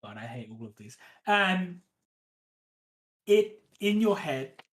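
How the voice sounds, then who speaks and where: Slow, hesitant game master. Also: mid-range voice, big pitch swings, poor audio. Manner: hesitant, many ums, counts aloud. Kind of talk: running a one-on-one tabletop game.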